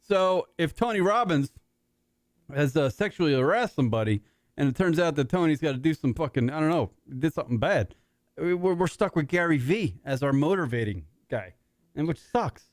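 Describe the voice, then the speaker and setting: A man's voice: a little high, animated, moderate pace, dry recording. A middle-aged man hosting a talk radio show, rambling and swearing constantly with lots of fillers, in a studio. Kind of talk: casual talk radio banter.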